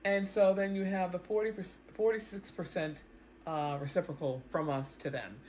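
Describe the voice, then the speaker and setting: Animated woman explaining to camera. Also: fairly low pitch, normal speed, a little hiss or hum. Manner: animated, repeats words, talks straight to viewers. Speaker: news commentary vlogger. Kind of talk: casual explanatory commentary to camera. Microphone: self-recorded camera setup.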